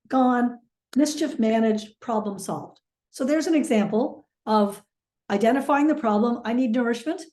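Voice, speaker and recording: A woman teaching mediation in a webinar, talking through everyday examples with lively turns. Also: medium pitch, reverberant. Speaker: mediation trainer.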